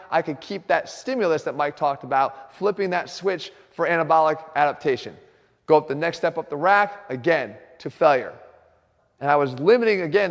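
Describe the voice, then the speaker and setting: Fitness host, earnest man, slightly high voice, reverberant space. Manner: earnest, direct, addresses viewers. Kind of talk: instructional fitness talk.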